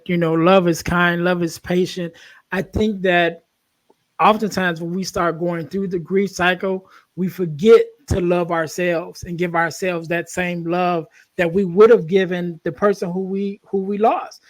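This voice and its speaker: High-voiced man, earnest podcast talk. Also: steady tone, unhurried, dry recording. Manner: earnest, rambling with many restarts and fillers. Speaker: podcast host. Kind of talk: casual conversational storytelling.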